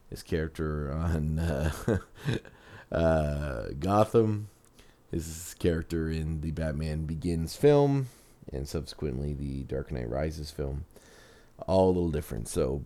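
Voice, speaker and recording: A man's voice: low-pitched, mellow. A man hosting a podcast, chatting casually with rambling restarts, then narrating a story. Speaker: podcast host.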